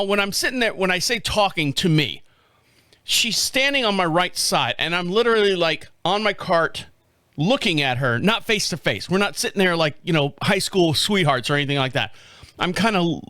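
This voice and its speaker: A high-voiced man in his fifties tells a long, rambling story in a casual monologue. He slips into the other people's lines as he goes, heard dry and close on the mic. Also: no room sound. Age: 50s. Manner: rambling, animated storyteller acting out dialogue. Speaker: podcast host.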